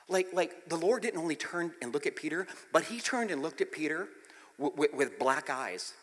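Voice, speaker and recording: A man preaching a sermon, telling the story with acted-out quotes and swinging from hushed, intimate passages to loud, shouted ones. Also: mid-range voice, normal speed, in a large hall. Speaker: pastor.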